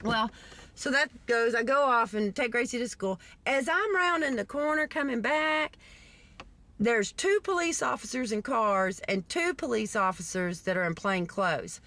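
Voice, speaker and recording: A woman from Texas telling a story in a vlog, in an animated, indignant way with acted-out quotes. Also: a little high, measured pace. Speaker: vlogger.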